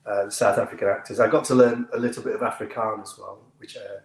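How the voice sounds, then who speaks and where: A man from the United Kingdom, an actor, telling anecdotes in an interview with lively delivery and frequent laughter. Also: lowish voice, quick pace. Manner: lively storyteller, laughs often, acts out other voices. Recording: roomy echo.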